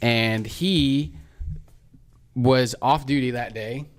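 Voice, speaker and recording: Man in his twenties, podcast co-host, casual story, animated, mid-pitched voice. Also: very slow.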